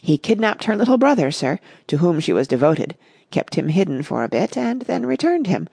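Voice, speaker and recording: A prim, wordy male servant from a storybook, read by a woman, deferential and measured. Her husky voice sits low with a gravelly edge. The recording is dry. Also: sing-song, warm tone, dry recording, full character voice.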